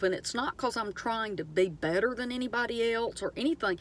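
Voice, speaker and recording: A woman's voice: a little high, unhurried. Middle-aged woman, Southern accent, earnest, preachy, chatty vlog monologue. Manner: earnest, preachy, animated storytelling with many fillers. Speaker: vlogger. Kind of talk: casual inspirational monologue.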